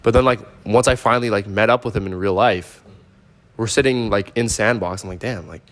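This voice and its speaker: A man's voice: fairly low pitch, steady tone, fairly quick, a bit bright. A young man with a Canadian accent, a podcast guest telling stories in loose, profane casual chat full of fillers. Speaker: guest, rapper.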